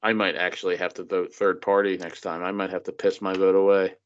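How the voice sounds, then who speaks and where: Guy ranting casually, sarcastic and sweary, lowish voice, muffled recording. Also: a little fast, slight background noise. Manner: mocking, animated impressions, profane. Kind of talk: casual political chat. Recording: dull lo-fi sound.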